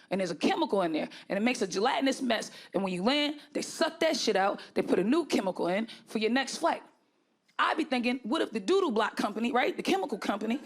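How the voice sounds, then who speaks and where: A woman doing a stand-up routine on a comedy stage, with a profane, riffing delivery. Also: high voice. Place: comedy stage with live audience.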